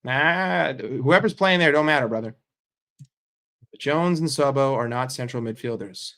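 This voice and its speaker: A man's voice: mid-range voice, a little slow, a bit bright. An American man with an American accent, chatting casually with viewers as a streamer and football fan, crude and joking with frequent swearing. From United States.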